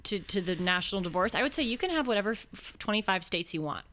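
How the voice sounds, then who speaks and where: A woman's voice: medium pitch, animated, fast talker, bright, forceful tone. A young woman, a guest on a political talk show, speaking in an earnest, outspoken way. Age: young adult.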